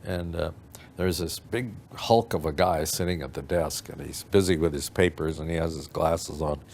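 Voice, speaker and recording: Deep-voiced older man telling stories. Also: moderate pace, a little mellow, slight background noise. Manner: rambling, acts out quoted voices, frequent fillers. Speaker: interview guest. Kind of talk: anecdotal storytelling.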